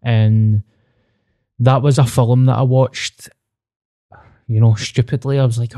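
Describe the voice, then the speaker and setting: A man's voice: mid-range voice, flat delivery, slow pace, long pauses, warm tone, no room sound, clean studio sound. A man with a Glaswegian Scottish accent, co-hosting a podcast in casual chat, blunt and sweary, open about his own struggles. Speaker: podcast co-host.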